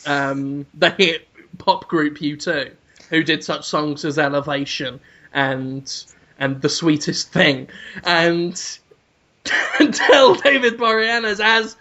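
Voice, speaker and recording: A man with a British accent, co-hosting a comedy podcast, telling absurd stories in a deadpan way, in a dull lo-fi podcast recording. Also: fairly high pitch, slow. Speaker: podcast co-host.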